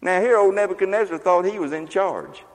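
A man's voice: high-pitched, fairly quick. Older guy preaching, folksy and jokey, big echoey church sound. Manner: folksy, joking, conversational preaching. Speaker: pastor. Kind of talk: sermon. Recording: long reverb of a large hall.

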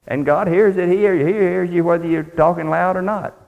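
A man's voice: sits high, fairly even intonation, fairly quick, vocal fry, phone-quality sound. A man preaching a sermon in a folksy, plainspoken way, reading scripture aloud. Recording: long hall reverb.

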